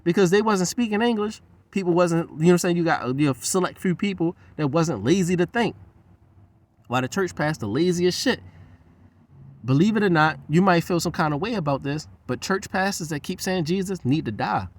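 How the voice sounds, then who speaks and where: A man's voice: a little high, expressive, a little fast, dry recording. A man talking in a loose, profane, rambling monologue. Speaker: host.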